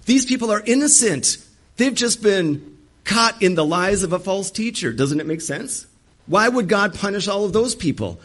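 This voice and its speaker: A man's voice: high-pitched, expressive, moderate pace, fairly bright tone. A man preaching an emphatic sermon, acting out the voices he quotes. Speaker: pastor.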